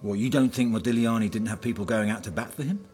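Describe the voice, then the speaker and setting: A man's voice: lowish voice, quick pace, a little mellow, slight background noise, lightly acted. A man playing a jealous ex-husband who talks persistently and wheedles his former wife. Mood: pleading. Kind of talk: film drama dialogue.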